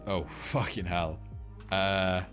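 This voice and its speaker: Young man, deep voice, casual live trading chat, swears a lot, faint music behind. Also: steady tone, slow, fairly bright tone. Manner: loose and rambling, swears freely, many fillers. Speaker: trading livestream host. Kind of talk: casual live market commentary, reading chat.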